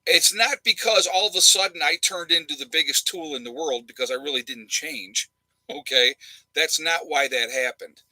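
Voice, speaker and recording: A man's voice: on the high side, moderate pace, sharp tone, no room sound, rough recording. A man hosting a casual livestream chat from home, blunt and sarcastic, rambling with lots of uhs and ums. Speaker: channel host. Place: home room with a fan.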